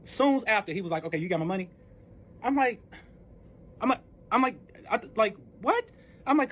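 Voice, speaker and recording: A young man telling a personal story in a casual vlog, animated and profane, acting out both sides of the conversation. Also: sits high, moderate pace, pauses often.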